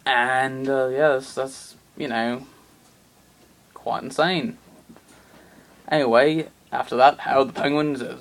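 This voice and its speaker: A man telling an absurd comic story in a rambling, excitable way with plenty of fillers. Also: medium pitch, takes it slowly, long pauses.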